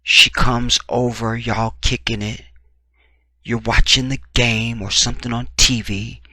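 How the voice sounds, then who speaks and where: A man giving opinionated true-crime commentary, talking in an emphatic, animated way with blunt, profane remarks. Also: mid-range voice, unhurried, no room sound. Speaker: commentary vlogger.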